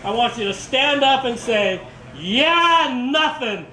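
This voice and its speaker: A middle-aged man giving a memorial speech in a church chapel, telling stories in a halting, rambling way and chuckling often. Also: very high voice, sharp tone. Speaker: family member giving a eulogy. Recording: echoey hall picked up from far off.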